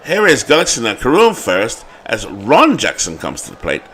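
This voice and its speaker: A man with a London accent doing play-by-play commentary on a replayed baseball game, building to excited calls on big hits. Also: medium pitch, normal speed, slight background noise. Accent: London English. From England.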